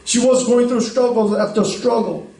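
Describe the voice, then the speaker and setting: Casting: man, pastor, chatty storytelling sermon, fairly high voice, recorded from a distance in a church hall. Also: normal speed, gravelly, warm tone. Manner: conversational storytelling, frequent "right?" checks. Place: church sanctuary.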